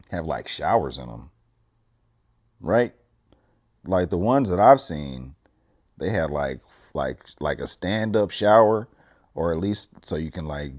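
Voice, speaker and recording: A man with a very low voice talks slowly in loose, rambling commentary on a comedy clip, laughing between thoughts. His pitch swings widely as he goes. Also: a little mellow. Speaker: reaction video host.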